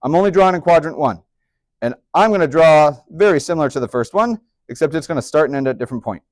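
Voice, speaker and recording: A man teaching a high school math class, chatty and upbeat, with joking asides to his students. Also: animated, quick pace, darkish tone, no echo. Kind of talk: classroom lecture.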